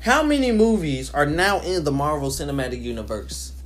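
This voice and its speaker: A man's voice: a little high, expressive, fairly quick. A man hosting a podcast in casual, rambling chat with joking asides. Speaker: podcast host.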